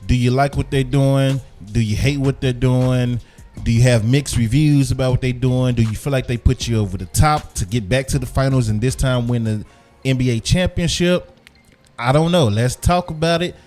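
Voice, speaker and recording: A man's voice: mid-range voice, normal speed, a little mellow, soft background music. A man hosting a sports podcast in a loose, casual chat style, repeating himself, chewing gum as he talks. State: chewing gum while talking. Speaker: podcast host.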